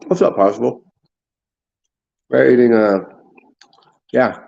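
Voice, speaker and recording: A man's voice: fairly low pitch, moderate pace, vocal fry, long pauses, a little mellow, highs cut off. A man chatting casually on a livestream, rambling and laughing while he eats and drinks. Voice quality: rambling, laughs often, talks with mouth full. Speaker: livestream host.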